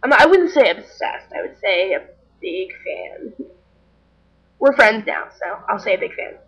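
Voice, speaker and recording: Young woman telling a story on her vlog, chatty, kinda husky, muffled lo-fi webcam sound. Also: medium pitch, normal speed. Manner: chatty, animated, acts out quoted people.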